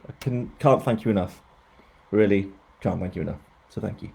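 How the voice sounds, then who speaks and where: A man's voice: fairly low pitch, normal speed, vocal fry, dark tone, slightly rough. A man, an author chatting casually on a live stream, rambling and poking fun at himself. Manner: rambling, self-mocking.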